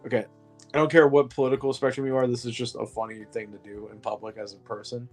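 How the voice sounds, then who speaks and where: A man co-hosts a film podcast, chatting casually, joking, swearing freely, and laughing often. His mid-range voice is flat and quick, with soft music in the background.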